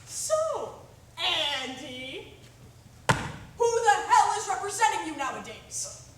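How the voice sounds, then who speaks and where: A woman on stage playing a pushy, fast-talking male Hollywood agent with brash, wheedling sales patter. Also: extremely high pitch, sing-song, full character voice. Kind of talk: amateur stage play. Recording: distant echoey stage recording with hiss.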